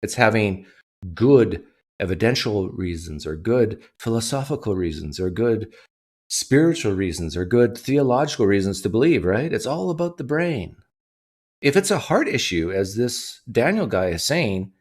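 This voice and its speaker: Man, livestream host, low voice, animated, casual monologue. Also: moderate pace. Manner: animated, reads donation messages aloud.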